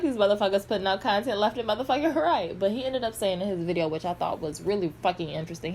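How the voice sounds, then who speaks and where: A woman's voice: mid-range voice, expressive, quick pace, hardly any pauses, a little hiss or hum. A woman giving blunt, sassy, heavily profane commentary in a vlog. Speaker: pop culture commentator.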